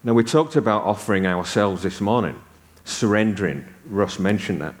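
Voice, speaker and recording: A man's voice: fairly low pitch, lively intonation, moderate pace. A man in his sixties from the north of England, preaching a sermon and telling stories with humor. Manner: conversational storytelling with humor.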